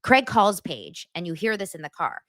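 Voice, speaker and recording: Her lowish voice swings widely in pitch at a moderate pace, a bit bright and with no echo. This young podcast host chats casually about pop culture, recounting reality-show scenes full of fillers.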